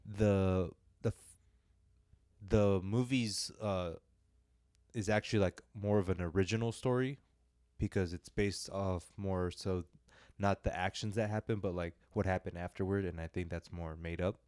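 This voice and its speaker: A man's voice: deep voice, fairly even intonation, a little slow, darkish tone, clean tone, no room sound, clean studio sound. A young man co-hosting a film podcast, talking in a loose, rambling way with lots of fillers and self-deprecating asides. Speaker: podcast co-host reviewing films. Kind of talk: casual podcast chat.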